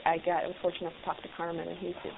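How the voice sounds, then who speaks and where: A woman's voice: fairly low pitch, monotone, rapid-fire, vocal fry. A woman interviewing an actress, asking friendly questions with the eagerness of a fan. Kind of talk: casual interview chat. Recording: tinny phone-like line with faint hiss.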